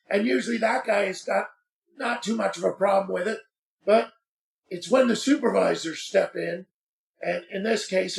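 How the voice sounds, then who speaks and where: A man with a high voice and a heavy gravelly rasp tells a story on a casual podcast. He sounds animated and exasperated, and he acts out the back-and-forth in the voices of the people he quotes. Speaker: podcast guest.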